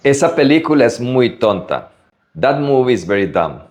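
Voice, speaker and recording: A man from Latin America teaching Spanish vocabulary, slowly drilling pronunciation word by word. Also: medium pitch, very animated, darkish tone. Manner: slow, careful pronunciation drills. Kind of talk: vocabulary lesson.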